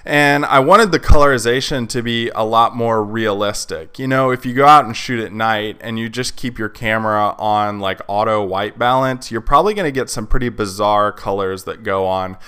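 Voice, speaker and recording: A man's voice: mid-range voice, sharp tone, smooth. A man hosting a podcast, telling a story in a casual, chatty way, full of "like" and "you know". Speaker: podcast host.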